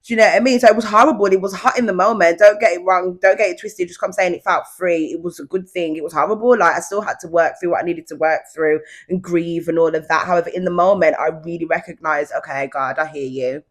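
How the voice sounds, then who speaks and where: A young woman hosts her podcast from home in a relaxed, chatty way. She speaks in a fairly low voice. She confides in her listeners as if they were friends. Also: fast talker, hardly any pauses. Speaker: podcast host. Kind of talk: casual solo podcast chat. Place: at home, indoors.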